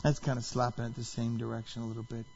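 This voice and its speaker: A man preaching a sermon, dramatic, swinging between hushed lines and shouted quotes, with a husky voice. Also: mid-range voice, monotone, fast talker, highs cut off. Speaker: pastor.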